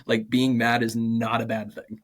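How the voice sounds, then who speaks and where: A man in his twenties, a martial arts and PE teacher, talking casually as a podcast guest in an animated way with lots of fillers and laughs. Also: mid-range voice, a little slow, slight background noise. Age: 20s. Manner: animated, acts out quoted dialogue, many "like" fillers, laughs often. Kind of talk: casual interview storytelling.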